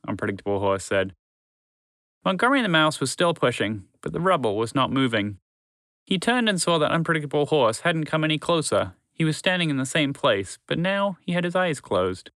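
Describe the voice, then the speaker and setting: A man's voice: mid-range voice, expressive, a little fast, a bit bright, no echo. Man narrating a children's story.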